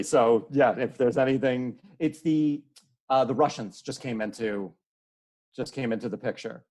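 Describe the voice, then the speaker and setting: A man speaking as an interview guest, earnest and halting, often restarting his sentences. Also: medium pitch, fairly even intonation, darkish tone. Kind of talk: casual interview conversation.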